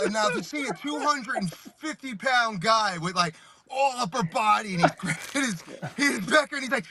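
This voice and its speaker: Male host, high bright voice, animated storyteller who laughs and shouts the punchlines. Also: moderate pace, a little hiss or hum. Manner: animated, laughs while telling stories, shouts in re-enactments. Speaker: podcast host. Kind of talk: casual storytelling chat.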